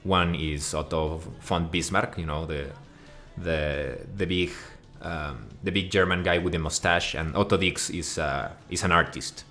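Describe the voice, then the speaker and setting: Deep-voiced guy from mexico doing a sweary comedy rant, rambles a lot, faint music behind. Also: fairly even intonation, a little slow, sharp tone. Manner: profane, mock-outraged, rambling. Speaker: video essayist. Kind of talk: comedic rant over slides.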